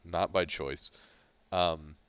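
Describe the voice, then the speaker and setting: Young male co-host, very low smooth voice, rambling delivery, dry slightly muffled mic. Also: fairly even intonation, fairly bright tone, dry recording. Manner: rambling, halting with restarts and fillers. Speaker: podcast co-host. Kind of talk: casual chat.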